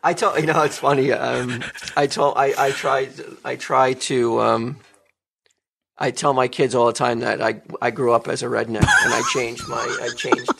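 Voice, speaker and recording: Animated gravelly-voiced man. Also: medium pitch, normal speed. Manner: animated, laughing storyteller. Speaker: podcast co-host. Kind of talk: casual chat.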